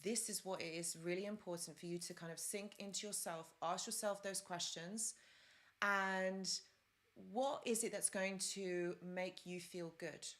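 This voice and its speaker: Woman, live-stream host, lowish voice, chatty advice with rambling asides. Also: fairly even intonation, measured pace, fairly bright tone. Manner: chatty, rambling, with fillers and side stories.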